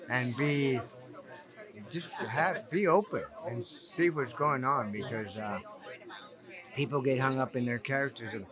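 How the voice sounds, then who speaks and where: A man, an actor, speaking earnestly at a red carpet interview, often restarting his sentences. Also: medium pitch. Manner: earnest, halting with many restarts. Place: busy red carpet event. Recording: crowd chatter behind.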